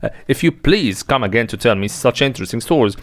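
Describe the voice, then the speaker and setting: A man's voice: mid-range voice, lively intonation, quick pace, pitched below the performer's own voice, lightly acted. A man reading a smug young impostor official. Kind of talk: dramatic reading of a play.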